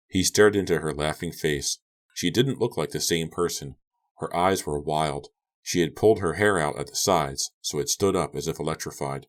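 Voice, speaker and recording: A man narrating a horror audiobook in a subdued, even storytelling manner. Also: a bass voice, moderate pace.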